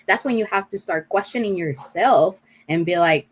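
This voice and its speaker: An earnest woman speaks on a casual discussion panel, laying out her views patiently. Her voice sits fairly low for a woman. She keeps dropping in "you know" as she works through her points. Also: a little fast, slightly rough, rough recording.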